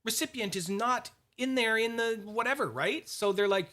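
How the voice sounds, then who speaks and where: Bright-voiced man telling a story. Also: high-pitched, a little fast. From Canada. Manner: animated, swearing, acts out the people in his story. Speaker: YouTube fidget collector host. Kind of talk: casual storytelling vlog.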